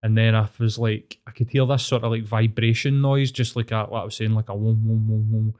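A man's voice: lowish voice, steady tone, fairly quick, a little mellow, clean tone. A man with a Glasgow accent, a therapist telling a long story in casual, rambling chat, sweary and full of fillers. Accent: Scottish, Glasgow.

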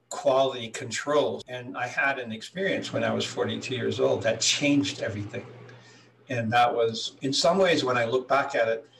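A man in his sixties from Hawaii, a healer answering interview questions in a calm, reflective way as he tells his story. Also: mid-range voice, vocal fry, a little hiss or hum. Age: 60s. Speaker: guest, healer. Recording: voice a little distant from the mic.

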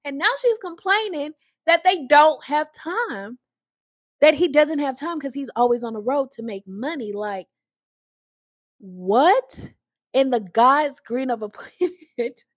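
A woman's voice: sits high, expressive, takes it slowly, no room sound, clean studio sound. A woman giving a chatty, opinionated casual recap of a reality show, often acting out the people she talks about. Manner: chatty and opinionated, with frequent "like" and restarts; acts out the people she discusses in raised voices. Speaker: reality TV commentator.

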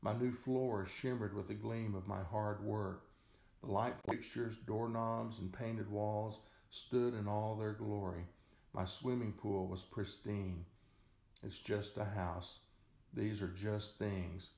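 A man reading a short story aloud as narrator, in a slow, measured way. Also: lowish voice, level tone, gravelly, a little mellow. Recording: echoey room.

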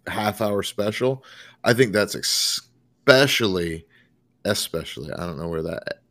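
A man who is high, telling a story in casual podcast chat and acting out the dialogue. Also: animated, moderate pace.

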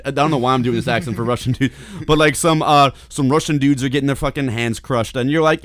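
A man's voice: mid-range voice, quick pace, dry recording. A man co-hosting a podcast in casual banter, rambling and swearing freely. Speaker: podcast co-host.

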